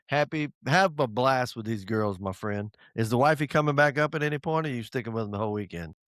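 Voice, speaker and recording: Animated man with a dry, close sound. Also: medium pitch, quick pace, no room sound. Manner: animated, drawling, playful swearing. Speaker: podcast co-host. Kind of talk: casual chat.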